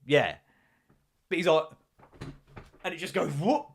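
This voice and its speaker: A man's voice: on the high side, very animated, a little slow, vocal fry, noisy background. A man in his thirties hosting a casual solo podcast, telling stories in a sweary, jokey way and slipping into mock voices. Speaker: podcast host.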